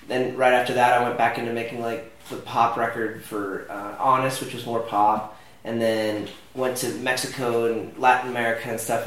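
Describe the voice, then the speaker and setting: A man's voice: medium pitch, distant mic. A young man, a musician, chatting casually in an interview, rambling with lots of fillers. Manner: rambling, filler-heavy, laid-back. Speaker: musician guest. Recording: roomy echo from off-mic.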